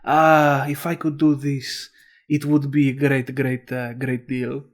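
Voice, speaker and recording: A man's voice: mid-range voice, level tone, slow pace. A man voicing a boastful, jovial immigrant restaurant owner who speaks effusive broken English.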